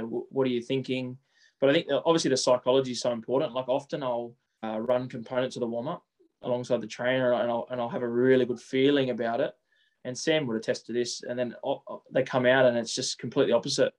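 Fast, flat-voiced man. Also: mid-range voice. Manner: quick, even, repeats words on restarts. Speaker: coach. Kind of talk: interview answers.

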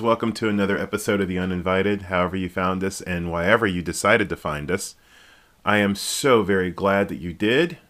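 A man hosting a podcast, giving casual, jokey political commentary that rambles, restarts and breaks into sudden high exclamations. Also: brisk, fairly bright tone, faint music behind. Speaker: podcast host. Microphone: podcast microphone.

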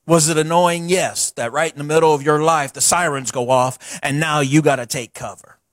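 A middle-aged male pastor delivers a sermon in a folksy, animated style, slipping into chatty asides. His voice sits high for a man. The sound is dry and close, with little room echo. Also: normal speed. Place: church sanctuary.

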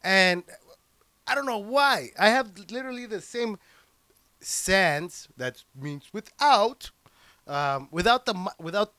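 A young man hosts his podcast into a handheld microphone, swearing freely and rambling excitedly with lots of restarts. His voice sits high and comes through smooth and resonant. The sound is dry and close, with no room around it. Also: takes it slowly, no echo. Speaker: podcast host and stand-up comic. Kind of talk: casual rambling podcast chat. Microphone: handheld microphone plugged into a computer.

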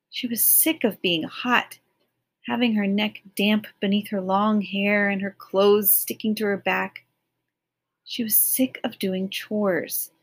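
A woman reading a novel aloud as an audiobook, measured and expressive. Her voice sits in a plain middle register. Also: medium pitch. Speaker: audiobook narrator.

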